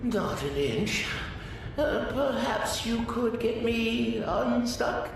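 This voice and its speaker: Porter, a gravelly gentle toon. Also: male voice, very high voice, animated, slow pace, exaggerated voice. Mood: polite. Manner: polite, whimsical, soft-spoken. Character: gentle, cheerful old-fashioned male game character. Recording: very echoey, distant, noisy game audio.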